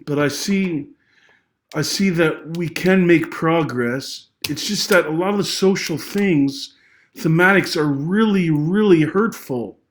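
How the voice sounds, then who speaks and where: A man's voice: a little high, slow pace, slight background noise. A young adult man giving an unscripted personal monologue of social commentary, emotional and rambling, with many restarts and apologies, his voice climbing when he gets angry. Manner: agitated, voice rising when angry.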